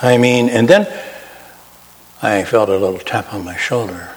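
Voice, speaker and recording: A man's voice: on the low side, measured pace, in a large hall, poor audio. A man preaching a sermon in a folksy, self-deprecating way, shifting his pace and volume for emphasis. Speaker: pastor.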